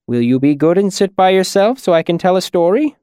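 A man voicing a gentle, patient male caretaker in an audiobook, speaking in a soothing murmur. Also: sits high, expressive, fairly quick, smooth, dry recording, studio quality, voice pushed up. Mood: coaxing. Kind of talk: audiobook character voice.

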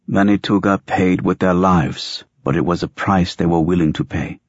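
List: man doing solemn older uncle, low muttering, deep husky voice, dull muffled sound. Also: steady tone, normal speed, dry recording. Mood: grave. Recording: dry, dull muffled audiobook recording.

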